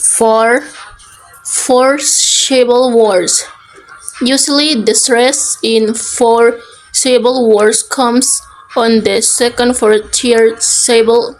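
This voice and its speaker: Very slow woman reading word lists. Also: fairly high pitch, fairly even intonation, soft background music, rough recording. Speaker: student presenter. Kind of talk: scripted pronunciation lesson.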